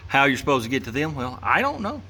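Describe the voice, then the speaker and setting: A man's voice: medium pitch, huge pitch swings, fast talker, pushed and bright, husky. A man hosting a garage channel, talking folksy and casual while he works, chuckling and grumbling about how things are built.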